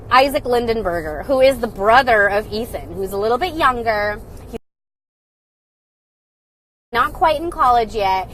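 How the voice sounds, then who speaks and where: A young woman hosting a casual live stream, talking loudly and excitedly in a sarcastic, mocking way. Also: on the high side, a little hiss or hum, low-quality recording. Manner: loud and excited. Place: indoors, phone live stream. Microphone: phone.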